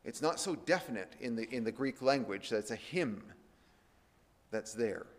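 A man teaching a Bible sermon, slowing and raising his voice when he reads scripture aloud. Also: medium pitch, lively intonation. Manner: slows and lifts his voice to read scripture aloud. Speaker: preacher. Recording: long hall reverb.

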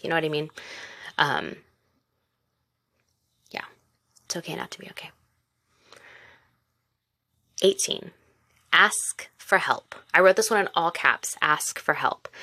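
Low-voiced young woman giving candid advice. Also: pushed and bright, dry recording. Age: 20s. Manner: candid, encouraging, talks straight to the listener. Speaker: podcast host; mother and former teacher. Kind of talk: casual solo podcast talk.

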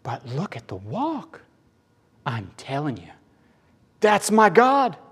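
Brief: male preacher voicing a stunned angel, gossipy, hushed and incredulous, high-pitched. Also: huge pitch swings, slow pace, slightly rough, full character voice. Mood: astonished.

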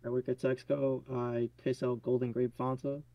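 A man's voice: mid-range voice, level tone, normal speed, background noise, lightly acted. A man putting on a brash, boisterous impression of a male celebrity chef in casual podcast banter.

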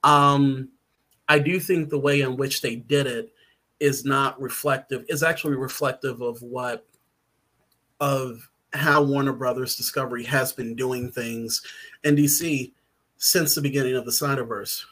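A man's voice: medium pitch, fairly even intonation, unhurried, pushed and bright. Man rambling with lots of fillers. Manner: rambling, hesitant with many fillers and restarts. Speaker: writer and podcast guest. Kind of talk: casual podcast chat.

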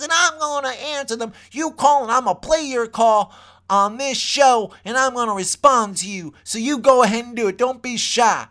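A woman hosting her own show, delivering a rambling, excitable comedic rant and repeating herself. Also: high-pitched. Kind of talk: comedic ranting monologue.

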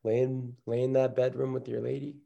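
A man co-hosting a casual sports podcast, joking and rambling, often dropping his voice low. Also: little pitch movement, fairly quick, gravelly, muffled recording. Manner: jokey, rambling, drops to a hush. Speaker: podcast co-host.

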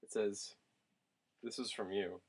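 A man's voice: on the low side, fairly even intonation, slow pace, husky. A man co-hosting a podcast, teasing the others in laid-back casual chat. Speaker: podcast co-host.

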